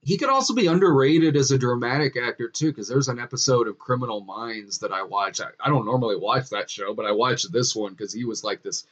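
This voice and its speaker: A man's voice: medium pitch, a little fast, hardly any pauses, fairly bright tone, highs cut off. A man hosting a casual live-stream chat over a video call, rambling with many restarts. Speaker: host.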